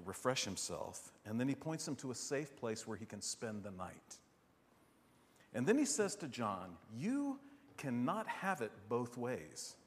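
A man preaching a sermon in an animated, rhetorical way, often asking "right?". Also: mid-range voice. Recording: long hall reverb.

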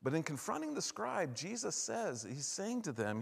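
A man's voice: a little high, very animated, normal speed, vocal fry, breathy edge. A man preaching a conversational sermon, often checking in with "right?" and acting out the voices of people he quotes. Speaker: pastor. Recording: long hall reverb.

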